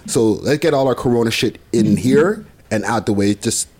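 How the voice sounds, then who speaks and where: A man's voice: mid-range voice, normal speed, a little mellow, breathy edge. A man hosting a casual podcast who steers the talk from topic to topic in a loose, chatty way. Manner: drives the topics, loose and chatty, many fillers. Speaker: podcast host. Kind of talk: casual chat.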